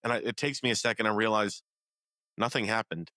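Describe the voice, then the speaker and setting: A man with a fairly low, bright voice hosts a faith podcast and speaks earnestly, pausing often to gather his thoughts. The recording is dry and close. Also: fairly even intonation, dry recording. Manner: earnest, reflective, with pauses and fillers. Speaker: podcast host. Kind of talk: casual faith podcast chat.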